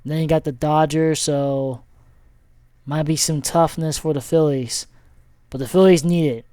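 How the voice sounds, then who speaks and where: Slow, rambling man recapping sports. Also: fairly high pitch, fairly even intonation, dark tone, dry recording, studio quality. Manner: rambling, many fillers and self-corrections. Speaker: sports vlogger. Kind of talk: casual sports recap over a shared screen.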